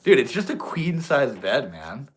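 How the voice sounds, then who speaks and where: Brief: tipsy man hosting a home livestream, slangy and profane, rambling spiritual talk, middle pitch. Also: very animated, a little slow, a bit bright. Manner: loose, profane, says bro and dude, preachy bursts. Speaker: livestream host. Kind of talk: casual livestream chat reading comments. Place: indoors at home.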